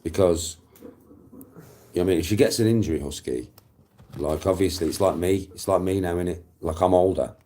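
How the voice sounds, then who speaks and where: A middle-aged Englishman with a very low, mellow voice, chatting casually. He rambles, swears freely and circles back over his own phrases. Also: fairly quick, pauses often. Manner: rambling, profane, repeats himself. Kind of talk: casual storytelling chat.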